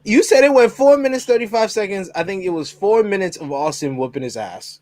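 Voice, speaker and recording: A man co-hosting a casual podcast, making quick joking remarks and laughing along. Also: sits high, expressive, darkish tone, no room sound. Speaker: podcast co-host.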